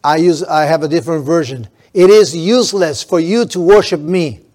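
Emphatic male preacher, slightly high voice. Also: a little mellow. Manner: emphatic, drawn-out stresses, frequent restarts. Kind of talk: sermon.

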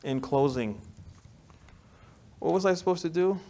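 A man with a New York accent preaching a sermon in a conversational way, often checking in with "right?" and moving between loud emphasis and quiet, soft passages. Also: fairly high pitch, expressive, unhurried, a little hiss or hum. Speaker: pastor.

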